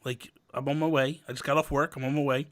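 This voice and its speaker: A man's voice: mid-range voice, quick pace. A man in his thirties hosting a podcast, chatting casually and acting out quotes in his stories. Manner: animated storyteller, acts out quotes. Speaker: podcast host. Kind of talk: casual chat.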